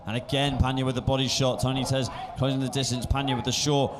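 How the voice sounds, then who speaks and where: A man giving live blow-by-blow boxing commentary with brisk play-by-play calls that lift at big moments. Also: mid-range voice, flat delivery, a crowd in the background. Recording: commentary over loud music.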